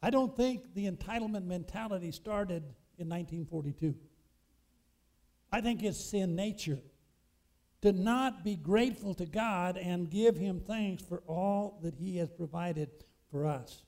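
Male preacher, high-pitched, emphatic sermon delivery with call-and-response questions. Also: unhurried, darkish tone.

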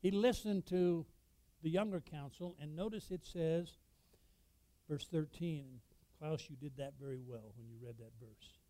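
A man preaching a sermon, reading scripture and explaining it with sudden loud emphasis. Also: fairly high pitch, measured pace, rough recording. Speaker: pastor.

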